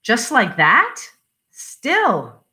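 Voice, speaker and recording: A woman giving voice to a bewildered middle-aged wife, full of short, doubtful questions. The tone is bright and the pitch moves lively, delivered at an unhurried pace. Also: heavily acted. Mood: startled.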